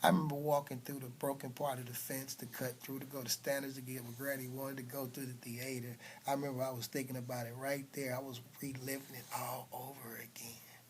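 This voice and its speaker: A man telling a personal story, dropping to hushed whispers and then bursting out loud with punch sounds. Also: mid-range voice, little pitch movement, brisk, a little hiss or hum.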